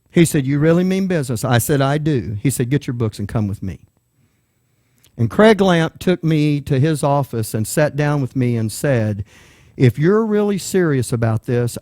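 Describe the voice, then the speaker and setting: Man, preacher, animated storytelling, fairly high voice, dry close sound. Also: dry recording. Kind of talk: sermon storytelling.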